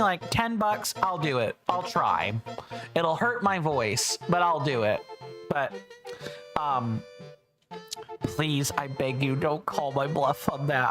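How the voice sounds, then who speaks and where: A woman livestreaming a video game, chatting in a loose, self-deprecating way and tripping over her words, with a little phlegm in her throat. Her pitch jumps around a lot, and clear game music runs underneath. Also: a bit bright. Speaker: streamer. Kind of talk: casual live game commentary.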